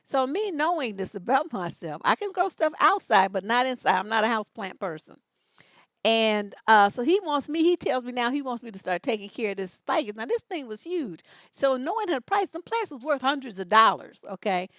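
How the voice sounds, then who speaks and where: A middle-aged woman hosting a relationship advice livestream, telling a personal story in a sassy, animated way with big pitch jumps. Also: moderate pace, dry recording. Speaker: relationship coach and advice host.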